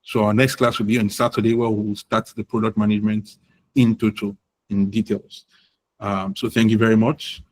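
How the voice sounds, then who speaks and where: A man leads a live online class in a somewhat low voice. He is encouraging and relaxed, filling his pauses with "um" and "you know". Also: rough recording. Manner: encouraging, uses many fillers and "you know". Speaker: product management instructor.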